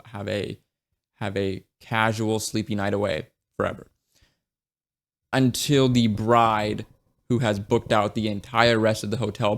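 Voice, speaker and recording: Low, gravelly man reviewing books. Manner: blunt and profane, with frequent restarts. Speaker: book reviewer. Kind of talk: casual book review monologue.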